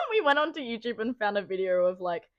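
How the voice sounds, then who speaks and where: A woman's voice: a little high, big pitch swings, fairly quick, a bit bright, no room sound, dull audio. A woman co-hosting a podcast, telling a story in casual chat, giggling and swearing as she goes. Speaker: podcast co-host.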